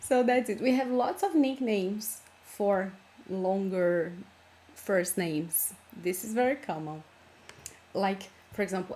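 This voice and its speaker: Slow-paced Brazilian woman teaching. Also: mid-range voice, a little mellow, slight background noise. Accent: Brazilian Portuguese. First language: Portuguese. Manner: patient, explains step by step, searches for English words. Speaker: language teacher. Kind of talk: online language lesson.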